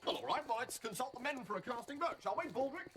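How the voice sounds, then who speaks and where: Super high chirpy posh lieutenant, bouncy voice, noisy tv sound. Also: male voice, animated, quick pace. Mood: jolly. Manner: boisterous, gushing, cheerfully naive. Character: jolly, naive upper-class young male lieutenant. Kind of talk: sitcom acting. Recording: noisy TV audio with studio laughter.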